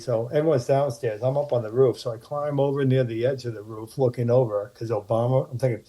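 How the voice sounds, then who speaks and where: Podcast guest: man, very dark mellow tone, rambling casual storyteller full of restarts. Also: mid-range voice, fairly quick. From Martha's Vineyard, USA. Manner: rambling anecdotes with many restarts.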